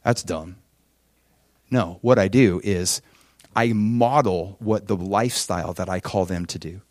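A man's voice: low-pitched, unhurried, dry recording, studio quality. A man preaching a sermon as pastor, emphatic and conversational, often checking in with his listeners. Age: adult father with children.

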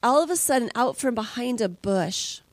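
A woman's voice: on the high side, animated, normal speed, no echo. A woman preaching a sermon as a conversational, emotional testimony, dropping at times to near whispers.

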